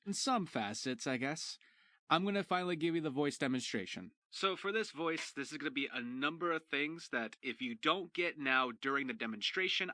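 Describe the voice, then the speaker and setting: A young man walks through how he voiced a character, talking in a loose, chatty tutorial way with plenty of swearing and side remarks. His voice sits in an ordinary middle pitch. The sound is dry and close, with no room around it. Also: sharp tone, no echo. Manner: chatty and profane, explains with loose asides. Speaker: voice actor teaching a character voice. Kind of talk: casual tutorial talk.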